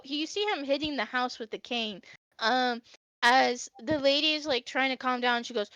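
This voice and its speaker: Woman, game master, bright voice, hesitant narration, dry close sound. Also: high-pitched, normal speed, no room sound. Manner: hesitant, filler-heavy narration.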